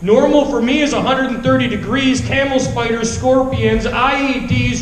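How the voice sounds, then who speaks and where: A man who is a military veteran telling his personal testimony at a revival service, emotional and halting, with a pleading tone. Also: very high-pitched, roomy sound, soft background music, low-quality recording.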